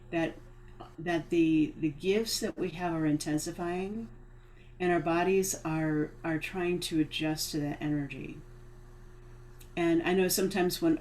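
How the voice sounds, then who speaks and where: Low-voiced woman speaking haltingly. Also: darkish tone, slight background noise. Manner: hesitant, many restarts and fillers. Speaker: guest speaker. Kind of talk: casual spiritual chat.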